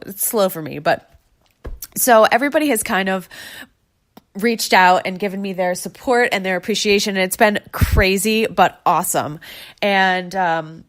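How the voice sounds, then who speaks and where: A woman in her thirties from New York hosting her own podcast, chatting and gushing as she retells stories. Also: medium pitch. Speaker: podcast host. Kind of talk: casual solo podcast chat.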